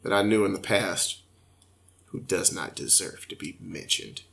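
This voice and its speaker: A young man in casual podcast chat, telling stories with animated quoted voices. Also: sits low, unhurried, creaky.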